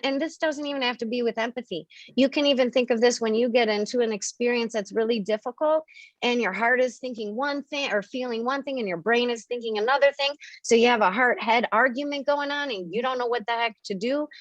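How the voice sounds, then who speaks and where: A woman's voice: on the high side, no room sound. A woman hosting a spiritual members' call on video, explaining earnestly and acting out examples.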